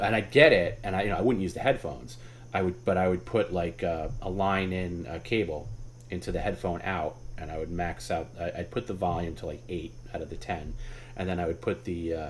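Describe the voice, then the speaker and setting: A man's voice: sits low, a little hiss or hum. A man hosting a live stream, telling a story casually, rambling and swearing as he goes. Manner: rambling, with many restarts and laughs. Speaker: host.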